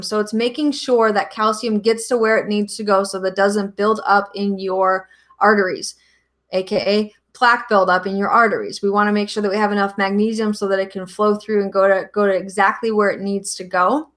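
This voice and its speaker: A woman's voice: mid-range voice, a bit bright. Chatty woman doctor explaining health tips. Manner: conversational, frequent ums and restarts. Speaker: doctor giving health advice. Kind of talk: casual explanatory talk.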